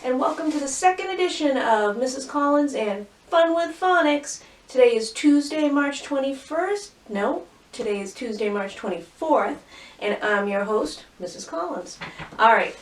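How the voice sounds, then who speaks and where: A woman teaching a phonics lesson to young children, cheerfully sounding out words and syllables slowly and clearly. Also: high-pitched, recorded from a distance, a little hiss or hum. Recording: roomy echo, voice from off mic.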